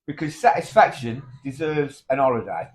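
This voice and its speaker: A middle-aged man delivers cheeky, blokey one-liners in comic banter. His pitch is mid-range for a man but moves animatedly. He keeps it matey and mischievous. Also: animated, moderate pace. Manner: cheeky, blokey, saying mate a lot. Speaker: comedy double act co-host.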